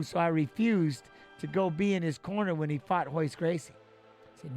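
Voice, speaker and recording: A man in his forties telling a long story in a casual, animated, profane way, acting out what others said. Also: high voice, a little fast, faint music behind. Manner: animated, profane, acts out quoted voices. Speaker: retired fighter telling a story.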